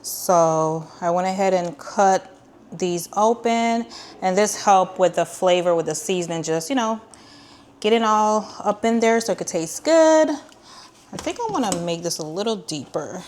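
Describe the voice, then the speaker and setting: A woman's voice: mid-range voice, animated, unhurried, background noise. A woman hosting a casual cooking tutorial, chatty and rambling, with many ums and restarts and a few dry, sarcastic asides. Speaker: cooking channel host.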